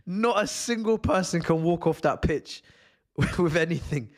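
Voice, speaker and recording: A man's voice: fairly high pitch, unhurried. A young man streaming a live football watch-along from home, ranting and swearing with bursts of laughter. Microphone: desk mic.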